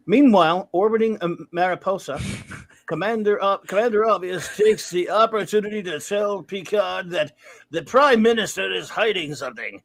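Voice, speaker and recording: A man's voice: high-pitched, animated, normal speed, fairly bright tone, dry recording. A man hosting a casual podcast, reading out listener grades with a wry, rambling manner. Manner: rambling, wry, trails off into mumbles. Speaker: podcast host.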